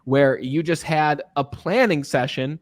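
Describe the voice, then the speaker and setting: Animated man hosting a chat. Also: a little high, a little slow, no echo. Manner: animated, anecdotal, often asks "right?". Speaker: podcast host and sales coach. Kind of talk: casual interview chat.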